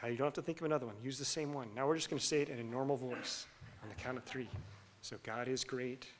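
A middle-aged man preaching a sermon to his congregation. He moves between loud, passionate bursts and hushed near-whispers, and he leads the room in call-and-response. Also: medium pitch, fairly even intonation, quick pace, noisy background. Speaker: pastor.

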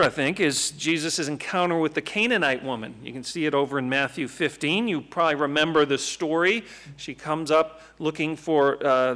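Bright-voiced man teaching scripture. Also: on the high side. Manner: conversational, animated, asks rhetorical questions. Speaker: Bible teacher. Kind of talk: Bible teaching talk.

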